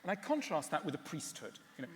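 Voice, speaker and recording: Wry talk-giving guy, lots of ums, kinda high voice, echoey big hall. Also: fast talker. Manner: wry, animated, with hesitant fillers. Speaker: speaker. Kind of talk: talk and Q&A answers. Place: large hall.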